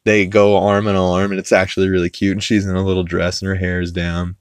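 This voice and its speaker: A man's voice: low voice, flat delivery, clear, resonant tone, dry recording, clean studio sound. A man hosting a podcast, rambling through a casual recap of a cartoon episode and swearing freely. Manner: rambling, quotes characters in quick put-on voices, swears freely.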